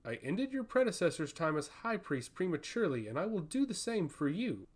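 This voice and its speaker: A man voicing a haughty woman, a forest priestess who speaks in a cold, measured and stern way. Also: high-pitched, very animated, slightly rough, heavily acted. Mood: threatening. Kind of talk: audiobook fantasy reading.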